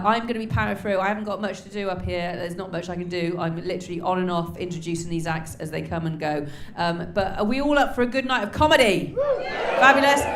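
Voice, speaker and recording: Woman MC in her forties, brash and profane crowd work, loud high yelps, mic echoing round the club. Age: 40s. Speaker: MC of a stand-up comedy night. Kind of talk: live stand-up crowd work. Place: comedy club stage.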